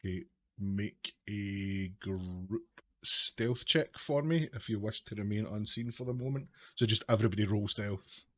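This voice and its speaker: A man's voice: on the low side, a little slow. A man narrating as game master, describing the scene in a loose, hedging way.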